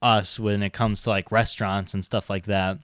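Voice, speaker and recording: A man's voice: lowish voice, little pitch movement, normal speed, a bit bright, no room sound, clean studio sound. A man in casual chat, reacting with short quips and easy questions.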